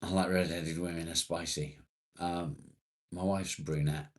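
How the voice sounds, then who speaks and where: Deep-voiced swearing English man chatting live. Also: steady tone, measured pace. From England. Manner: blunt, swears freely, chatty. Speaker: livestream host. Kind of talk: casual live chat reading comments.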